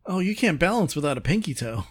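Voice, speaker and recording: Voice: medium pitch, big pitch swings, fast, husky. A listener in a casual chat, reacting with short interjections.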